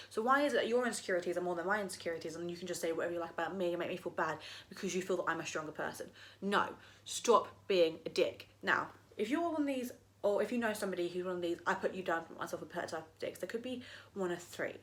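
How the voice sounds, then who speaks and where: A woman's voice: lowish voice, a bit bright. A young woman ranting casually to camera, swearing freely and mocking people in put-on voices. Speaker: vlogger.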